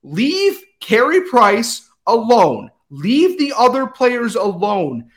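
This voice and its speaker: A man with a notably high voice tears into a sports topic in a furious, emphatic rant. He swears freely and runs himself out of breath. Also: very animated, slow pace.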